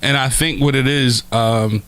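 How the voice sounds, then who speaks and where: A man's voice: medium pitch, fairly even intonation, measured pace, a bit bright, clear, resonant tone. A man, a comedian guest on a podcast, telling casual, profane stories and laughing often.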